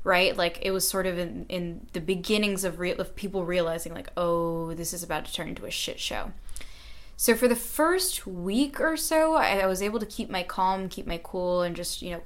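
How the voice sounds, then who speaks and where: A woman's voice: medium pitch, fairly bright tone. Chatty young woman student being interviewed. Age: young adult. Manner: earnest, chatty, frequent fillers. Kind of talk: radio interview, casual storytelling.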